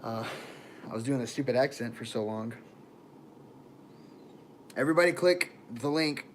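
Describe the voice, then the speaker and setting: A man's voice: mid-range voice, moderate pace, a little hiss or hum. A man rambling through casual livestream chat on a phone camera, laughing often and trailing off mid-thought.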